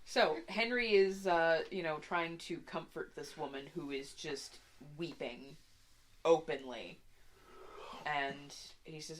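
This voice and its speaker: A woman narrating as game master in a tabletop role-playing game, chatty and quick to laugh, with asides as she describes each scene. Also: deep voice.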